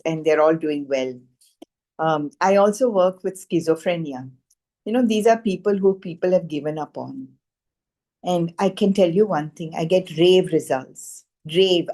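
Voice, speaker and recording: Woman, slightly low voice, earnest animated testimonial, lots of "you know". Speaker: frequency healing practitioner. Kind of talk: personal testimonial storytelling.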